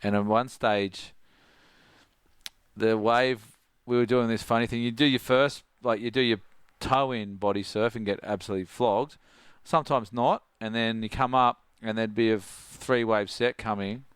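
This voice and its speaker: Recorded dry with studio quality, a smooth, lowish male voice speaks at a measured pace. The speaker, a middle-aged Australian surf coach on a podcast, tells laid-back stories with animation, frequent laughter, and impressions of his friends.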